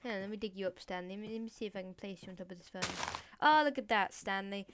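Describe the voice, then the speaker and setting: A woman's voice: mid-range voice, steady tone. Woman rambling silly game commentary. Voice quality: deliberately put-on voice. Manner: silly, rambling, random chatter to in-game pets. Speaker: gaming channel host. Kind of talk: let's play commentary. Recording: noisy recording with clicks.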